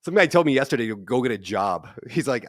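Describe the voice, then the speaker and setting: A man's voice: medium pitch, quick pace, dry recording, clean studio sound. A man in his thirties, a podcast guest, telling stories in casual conversation and acting out the people he quotes. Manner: animated storyteller, acts out quotes. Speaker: guest, real estate investor.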